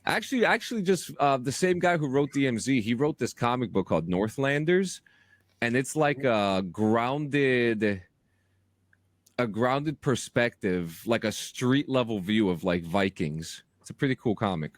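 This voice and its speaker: A man hosting a casual podcast chat, talking with lively restarts and stammers as he pitches roles in his audio drama. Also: unhurried, no room sound, studio quality.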